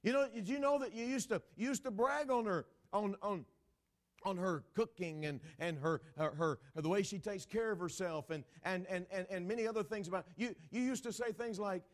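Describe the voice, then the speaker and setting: With a high-sitting voice and moderate pace, a middle-aged pastor delivers a dramatic sermon directly to the crowd. Loud, forceful passages give way to hushed, whispery ones, and he keeps repeating and restarting words.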